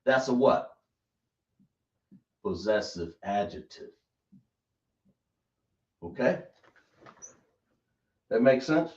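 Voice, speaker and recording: A man teaching a language lesson, speaking slowly and often checking whether his listeners understand. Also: lowish voice, sing-song. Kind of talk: classroom lesson. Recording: echoey room, dull lo-fi sound.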